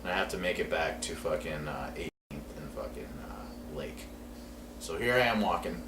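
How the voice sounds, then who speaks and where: A man's voice: extremely low pitch, animated, normal speed. A man telling a rambling, profane story in casual podcast talk. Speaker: podcast co-host. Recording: echoey room, distant mic, noisy.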